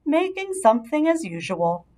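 A woman voicing a calm, kind female spider, speaking softly and measuredly in a storybook reading. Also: high voice, pitched above the performer's own voice. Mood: tender. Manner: soft, measured, soothing.

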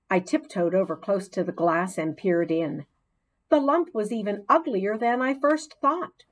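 Woman reading a kids story as a chatty hamster pet, bouncy expressive voice, unhurried. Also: medium pitch. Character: cheerful talkative hamster classroom pet. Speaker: audiobook narrator. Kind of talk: storybook narration.

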